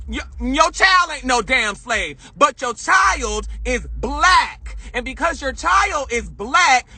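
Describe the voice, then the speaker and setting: A man's voice: extremely high pitch, pushed and bright, slightly rough. A young man in a heated, emphatic rant to his viewers, swearing often and talking straight to them, recorded on a phone in a parked car. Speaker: vlogger. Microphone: phone camera.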